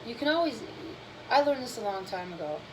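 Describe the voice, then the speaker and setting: A woman's voice: a little high, lively intonation, a little fast, background noise. A woman hosting her own cooking channel, chatting casually and candidly with viewers while tired and yawning. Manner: rambling, candid, talks about fitness and feelings.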